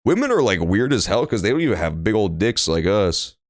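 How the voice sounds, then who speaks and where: A man's voice: lowish voice, big pitch swings, a little fast, dry recording. A young man streaming a courtroom game, joking crudely and rambling while he plays. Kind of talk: casual let's-play commentary. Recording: dry room with faint game music.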